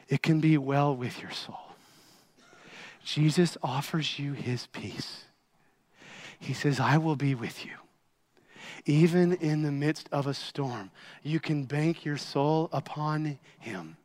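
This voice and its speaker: Dynamic pastor preaching, loud to hushed. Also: male voice, on the high side, slow. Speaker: senior pastor. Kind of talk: sermon.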